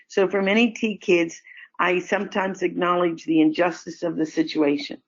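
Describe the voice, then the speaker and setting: An older woman answering audience questions in a calm, explanatory way, weaving in stories. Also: on the low side, normal speed. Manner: calm, explanatory, tells stories with acted quotes. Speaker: expert guest answering questions. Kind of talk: online question-and-answer session. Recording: dull lo-fi audio.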